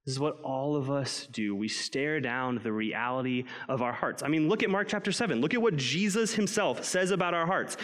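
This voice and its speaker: A man's voice: a little high, animated, moderate pace, fairly bright tone, big-room sound. A man preaching a sermon in a conversational way, acting out inner voices and prayers as he speaks. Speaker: pastor.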